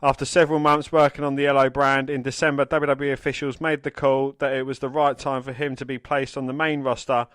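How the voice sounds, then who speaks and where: A man's voice: mid-range voice, little pitch movement, fast talker, few pauses, a bit bright, dry recording. A man co-hosting a podcast, reading out news items plainly and swearing freely when he chats. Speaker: podcast co-host.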